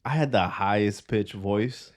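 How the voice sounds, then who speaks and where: A young man in his twenties chats on a podcast with a slightly low voice. He rambles through his stories in a loose, easygoing way and curses often. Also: measured pace. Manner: loose storytelling with heavy cursing. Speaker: podcast host. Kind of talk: casual chat.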